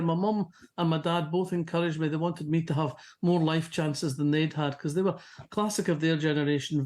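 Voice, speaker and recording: A woman's voice: deep voice, darkish tone. Scottish woman telling stories. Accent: softened Fife Scottish. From Scotland. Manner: chatty, anecdotal storyteller. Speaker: novelist guest. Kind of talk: casual interview chat.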